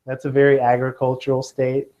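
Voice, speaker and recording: A man from Kentucky teaching a class of students, lively and joking, often checking in with "okay?". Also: medium pitch, fairly quick, highs cut off. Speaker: test prep teacher.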